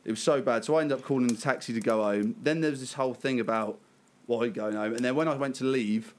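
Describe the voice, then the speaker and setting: A man around thirty rattles through a story at a fast clip, swearing freely and breaking into laughs. His pitch sits in an ordinary middle range, and the delivery is loose, chatty and unscripted. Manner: laughing, swearing, lively anecdote telling. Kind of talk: casual storytelling chat.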